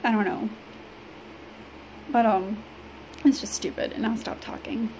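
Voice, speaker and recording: A woman from Illinois talks to the camera in a personal vlog, halting and rambling with many fillers. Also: medium pitch. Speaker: vlogger. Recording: steady background noise.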